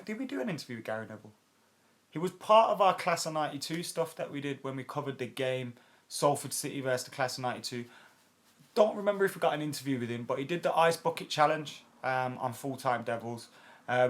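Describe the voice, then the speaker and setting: A man's voice: mid-range voice, fast talker. A man in his late twenties hosting a football fan channel, casually answering viewer comments in a chatty, blunt way with lots of fillers and some swearing. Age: 20s.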